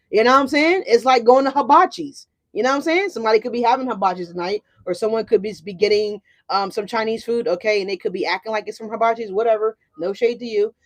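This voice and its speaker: A woman's voice: on the high side, fast. A woman doing a casual tarot reading for her viewers, chatty and profane, often asking "right?". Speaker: tarot card reader.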